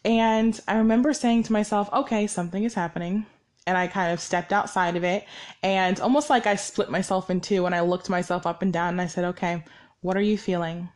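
A woman's voice: mid-range voice, steady tone, brisk, a little mellow. A young woman hosting her own podcast, talking candidly and reflectively about her week. She rambles, corrects herself often, and says she is short on sleep. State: sleep-deprived. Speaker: podcast host. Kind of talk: personal reflective monologue.

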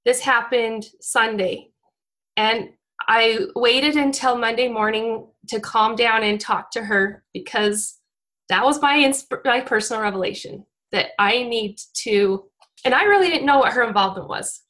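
A woman, around her forties, speaks in a bright, tense voice that sits a little high. She gives a heartfelt devotional talk, close to tears, often breaking off and restarting her sentences. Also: measured pace. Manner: heartfelt and emotional, with frequent restarts. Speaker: church speaker.

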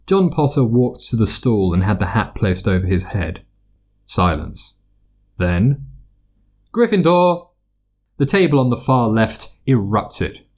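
A man narrating a story aloud, expressive and doing voices for the characters. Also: fairly low pitch, unhurried, slightly rough. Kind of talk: fan fiction reading.

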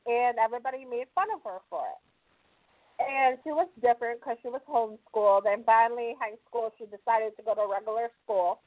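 Woman w a high voice telling stories straight up, blunt, sounds like over the phone. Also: narrow, tinny audio. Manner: candid, blunt, conversational. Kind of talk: personal storytelling.

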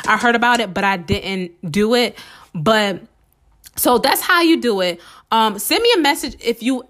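Woman podcast host, excited and quick, repeats herself, slightly sore throat, mid-pitched voice. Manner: fast-talking, excited, repeats steps. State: a little under the weather, slight sore throat. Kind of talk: casual motivational podcast talk.

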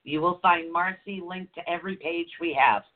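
A woman's voice: on the low side, steady tone, normal speed. A woman co-hosting a call-in show, talking in an encouraging, affectionate way. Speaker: co-host. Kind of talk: call-in radio show chat. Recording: tinny phone line with faint noise.

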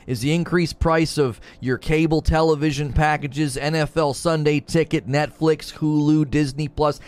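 A man's voice: clean tone, dry recording. A man hosting a casual livestream, reading viewer comments from home and ranting with lots of laughter. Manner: animated, laughing, rants with rising pitch. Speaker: livestream host. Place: home room.

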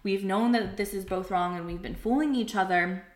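A young woman telling a personal story in casual chat, candid and animated, swearing and filling her talk with "like". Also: medium pitch, normal speed, reverberant. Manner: candid, animated, swears freely, many fillers.

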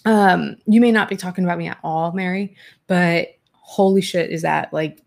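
A woman hosting a casual commentary chat, reading viewer comments aloud and talking bluntly, with swearing and quick restarts. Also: fairly low pitch, steady tone, creaky, darkish tone. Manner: quick, talkative, many restarts.

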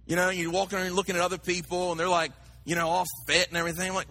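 Bright, high-voiced male preacher. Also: very fast. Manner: animated preaching with acted asides. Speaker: pastor. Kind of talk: sermon.

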